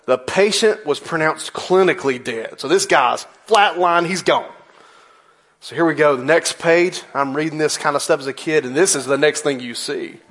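A man's voice: fairly high pitch, moderate pace, fairly bright tone. A man in his forties preaching a sermon in a church, telling a story with playful asides. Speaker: pastor.

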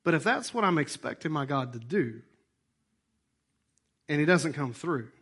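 Male pastor, hoarse and animated, high-ish voice, preaching to his church. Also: unhurried. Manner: animated, acts out voices and asides. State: hoarse, voice worn out. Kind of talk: sermon.

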